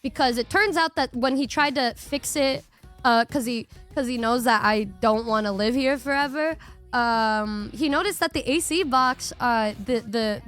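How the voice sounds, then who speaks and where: A young woman streamer telling a story to her audience in a casual, animated way, swearing freely and acting out her reactions. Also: sits high.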